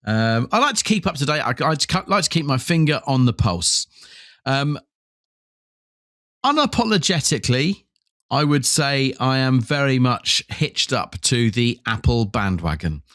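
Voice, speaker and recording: A man's voice: mid-range voice, sing-song, measured pace, fairly bright tone, dry recording, clean studio sound. A man co-hosting a podcast, telling a rambling, self-mocking story in casual chat, with lots of ums. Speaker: podcast co-host.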